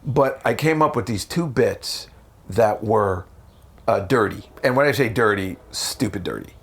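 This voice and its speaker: A man from the United States, a comedian telling stories in a casual interview, animated and profane. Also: unhurried. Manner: animated, profane, jumps into high voices for quotes. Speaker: comedian guest.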